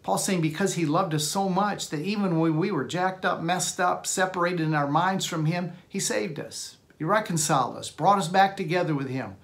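A man's voice: sits high, normal speed, creaky, few pauses. A man preaching a Sunday sermon, reading scripture aloud and explaining it with earnest emphasis. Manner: earnest preaching, reads scripture aloud, repeats words when restarting. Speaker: pastor.

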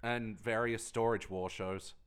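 A man hosting a casual podcast chat, relaxed and laughing easily. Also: lowish voice, a little slow, clean tone. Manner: laughs often, relaxed and jokey. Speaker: podcast host.

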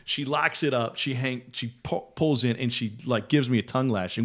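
A man with a mid-range voice tells a long, rambling story in a relaxed podcast chat. He is lively and puts on voices for the people in his story. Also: medium pitch, moderate pace, few pauses. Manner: animated, acts out other people's voices. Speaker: podcast guest. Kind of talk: casual storytelling.

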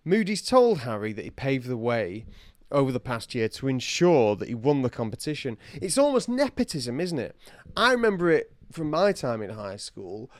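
A man's voice: mid-range voice, sing-song, moderate pace, no room sound. Wry man chatting on a podcast. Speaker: podcast co-host. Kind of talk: casual chat.

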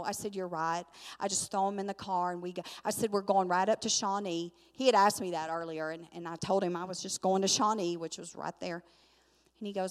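An older woman, telling a chatty, animated story in a Bible study lesson, acting out the voices in her tale. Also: mid-range voice, moderate pace, long reverb tail.

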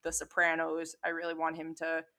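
Woman, young adult, casual chat, rambling, animated, swears casually, slightly low voice. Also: a little fast.

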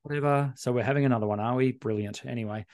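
Gravelly man, wry banter. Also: mid-range voice, fairly even intonation, very fast, a little mellow, no room sound, clean studio sound. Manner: wry, mock-grumbling banter. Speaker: podcast co-host. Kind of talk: casual chat.

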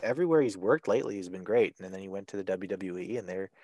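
A man with a fairly low voice talks through his opinions in a loose podcast chat. He swears freely and pauses often with ums as he goes. The recording is dry and close, with no room echo. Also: a little mellow. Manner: profane, hesitant, with many ums. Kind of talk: casual chat.

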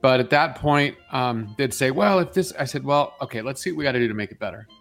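A man's voice: medium pitch, lively intonation, fast, gravelly, a bit bright. A man with a mid-range voice, chatting as co-host of a morning show. He recounts his working days and acts out both sides of each exchange. Faint music sits behind him. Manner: recounts work stories, acts out dialogue. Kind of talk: casual chat.

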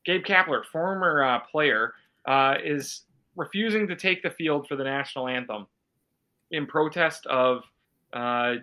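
Bright-voiced, blunt podcast host man. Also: on the high side, a little slow. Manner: blunt, opinionated, profane. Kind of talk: casual chat.

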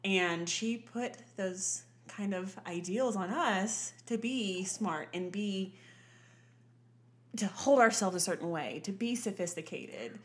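A woman in her thirties talks in a casual chat with no regional accent at all. She is animated and quick to laugh, and her voice sits at a middle pitch. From Southern US. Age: 30s.

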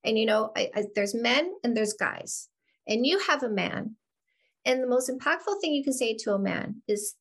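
A woman hosting an interview, speaking earnestly and warmly affirming her guest, often repeating phrases. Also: on the high side, animated, moderate pace. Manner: earnest, affirming, a bit repetitive. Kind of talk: interview conversation.

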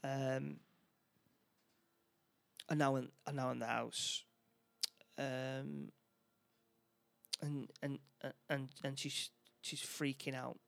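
Gravelly man, halting, acting out lines. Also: mid-range voice, fairly even intonation, a bit bright. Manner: halting, many restarts, acts out lines. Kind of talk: casual chat recapping a film plot.

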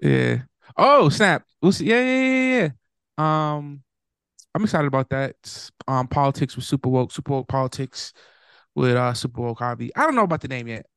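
A man talks in a relaxed podcast chat, his voice gravelly with vocal fry. He hesitates often, filling gaps with ums and letting thoughts trail off, and the sound is dry and close. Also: mid-range voice, normal speed, no echo. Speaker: podcast co-host. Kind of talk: casual chat.

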